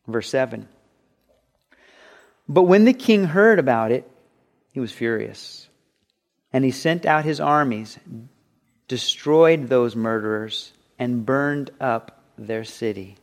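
A man preaching a sermon with a slightly higher-pitched voice. He talks in an animated way and acts out the voices he quotes. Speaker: pastor.

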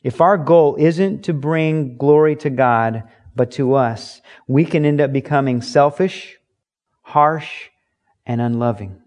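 A man's voice: on the high side, slow, darkish tone. A man preaching an earnest, emphatic sermon, teaching from scripture with rhetorical questions. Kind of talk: sermon, Bible study teaching.

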